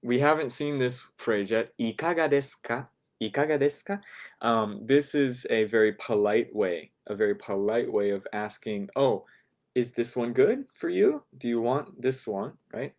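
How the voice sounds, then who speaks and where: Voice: medium pitch, animated, normal speed, a little mellow. Chatty language teacher with laughing asides. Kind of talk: explaining a language lesson.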